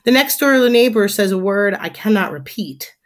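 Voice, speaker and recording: A woman teacher reading a children's chapter book aloud to her class in an expressive, animated way. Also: mid-range voice, normal speed.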